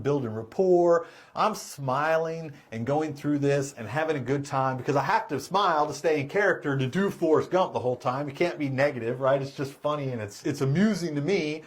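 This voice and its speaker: A middle-aged man, a car sales trainer, telling a story in a casual, animated way and laughing as he goes. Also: a little high.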